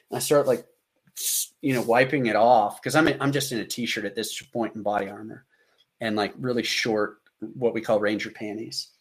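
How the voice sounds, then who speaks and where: A man in his thirties with an American accent, telling a war story as a podcast guest, animated and acting out the dialogue he quotes. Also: mid-range voice, normal speed. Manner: animated, acts out quoted dialogue, frequent fillers. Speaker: podcast guest, combat veteran. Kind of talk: casual storytelling.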